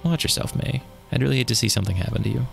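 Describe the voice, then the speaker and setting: A man's voice: mid-range voice, gravelly, soft background music. A man voicing a stern small-town policewoman. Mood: warning. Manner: grave, warning, slow and deliberate.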